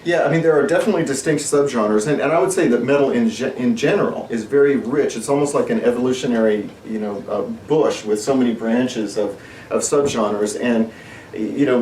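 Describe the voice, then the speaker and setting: A man hosts a relaxed metal chat show, talking loosely and laughing at his own slips. His voice comes from a little way off the mic in an echoey studio. A faint background hiss sits under the talk. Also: medium pitch. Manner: rambling, laughs often, self-deprecating. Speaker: podcast host. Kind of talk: casual chat. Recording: roomy studio, distant mic, faint ambient noise.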